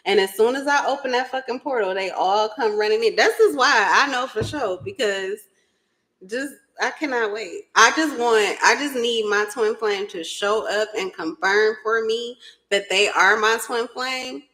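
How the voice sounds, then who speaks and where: Woman, slightly high voice, casual spiritual reading, giggly, blunt, swears a lot. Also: moderate pace, fairly bright tone, poor audio. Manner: giggly, keeps breaking into laughter; blunt and profane. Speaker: spiritual reader. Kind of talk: casual tarot reading chat.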